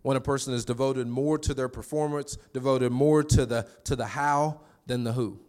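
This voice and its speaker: A man preaching a sermon in a conversational way, with quick restarts and call-and-response to the congregation. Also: medium pitch, fairly even intonation, darkish tone. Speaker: pastor.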